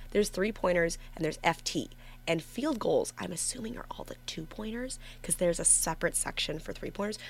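A young woman hosting a college radio show in a studio, chatting casually with giggles, rambles and self-corrections, sometimes a bit monotone. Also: mid-range voice. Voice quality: somewhat monotone at times. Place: empty radio station studio.

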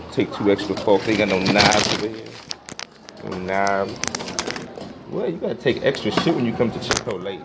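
A man hosting his podcast in a casual street monologue, joking playfully and flamboyantly with strangers while out in the city. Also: lowish voice. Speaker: podcast host. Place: outdoors on a city street and in a restaurant. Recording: noisy outdoor city ambience.

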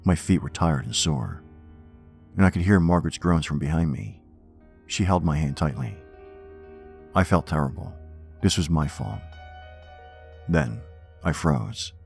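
A man narrating a first-person horror story in a measured, wry, reflective way. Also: extremely low pitch, gravelly, a little mellow. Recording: faint music bed under narration.

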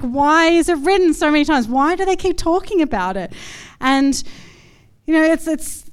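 A woman's voice: medium pitch, a little mellow, clear, resonant tone. A woman in her thirties, a pastor giving a chatty, conversational sermon full of everyday stories and fillers. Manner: chatty, storytelling, many fillers.

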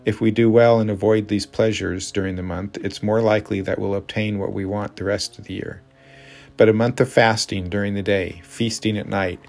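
A man's voice: fairly low pitch, creaky. A man playing a curt, irritable husband. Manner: curt, snappish. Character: tired, irritable fasting husband, adult man.

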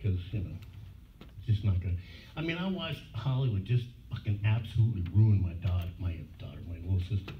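A man's voice: lowish voice, expressive, fairly quick. A man telling blunt, profane stories at a convention panel, laughing often. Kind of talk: casual storytelling at a fan panel. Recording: echoey far-off hall recording, phone-like and noisy.

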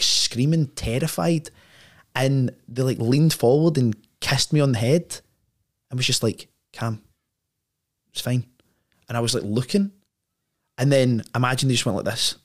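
Animated man telling a story. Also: medium pitch. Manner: animated, slangy, full of fillers like "like" and "right?". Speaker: podcast guest. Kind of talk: casual conversational storytelling.

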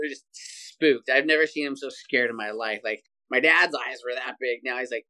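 A man tells a story as a podcast guest, animated and energetic, throwing in "dude" often. His voice sits at an ordinary middle pitch, and it comes through a video call. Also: normal speed, few pauses. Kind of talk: casual storytelling interview.

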